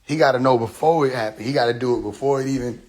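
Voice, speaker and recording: A man rants casually into his phone during a livestream, voice at an ordinary middle pitch. He talks loose and animated, swears freely and keeps cracking himself up at his own jokes. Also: racing. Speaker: live streamer.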